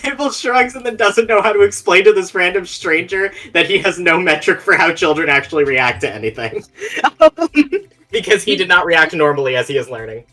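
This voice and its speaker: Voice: medium pitch, sing-song, normal speed, sharp tone. A player in a tabletop game, chatting casually, laughing and swearing often. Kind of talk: casual tabletop play chat. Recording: faint background music.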